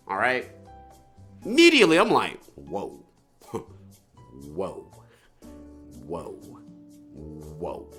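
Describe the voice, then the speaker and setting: A young man casually telling a funny story as a streamer, slangy and profane, jumping into high yelps of disbelief. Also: a bit bright.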